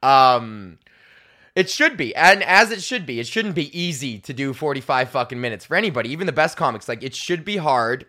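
A man's voice: mid-range voice, lively intonation, fairly quick, pushed and bright. A young man hosting his own comedy podcast, rambling and swearing as he rants, laughing at his own bits and acting out mocking quoted voices. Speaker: podcast host. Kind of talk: solo comedy podcast rant.

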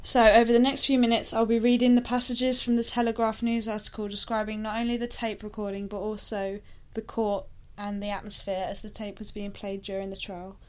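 A young woman co-hosts a true-crime podcast. She reads passages aloud in a low, steady voice, and between them she slips into casual chat full of "like.". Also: brisk, few pauses. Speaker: podcast co-host.

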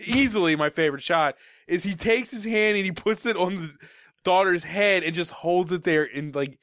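A man with a high, sharp voice walks through a movie's scenes in casual chat, laughing along the way. The sound is dry and close. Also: normal speed, no echo. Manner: recaps scenes with frequent laughter.

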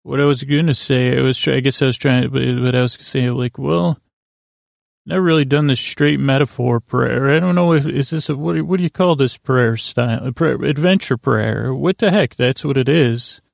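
A man riffs in character as an earnest young king, his voice heavy with gravel and fry. He stumbles and restarts as he rambles through the comedy bit. The sound is dry and close. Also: mid-range voice, no echo. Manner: rambling, halting, full of restarts. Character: earnest boy king Tommen. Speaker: comedy podcast host.

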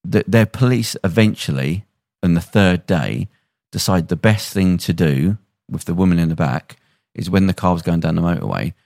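Man, low voice, podcast host, animated storytelling, dry close mic. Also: moderate pace, creaky, no echo. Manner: animated retelling with acted-out quotes. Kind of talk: casual chat, storytelling.

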